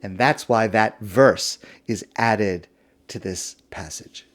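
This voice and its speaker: A male rabbi giving a sermon, telling a parable in an expressive storytelling manner. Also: on the low side, takes it slowly.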